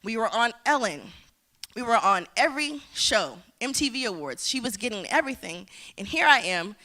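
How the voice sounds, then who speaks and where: A woman's voice: fairly high pitch, very animated, moderate pace, pushed and bright. A woman, giving a motivational conference talk and telling her story with acted-out dialogue. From United States. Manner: storytelling, acting out quoted dialogue. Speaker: conference speaker.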